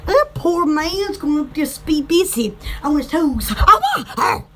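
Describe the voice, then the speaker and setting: Selling from her shop on a live stream, a woman from Alabama with a Southern US accent chats casually, giggly, rambling and easily distracted. Her high voice is animated and a little slow, with slight background noise.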